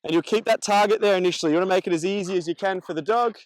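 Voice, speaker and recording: High-voiced upbeat male dog trainer. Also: very fast, dry recording, poor audio. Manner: coaching, upbeat praise to the dog between explanations. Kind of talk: instructional demonstration.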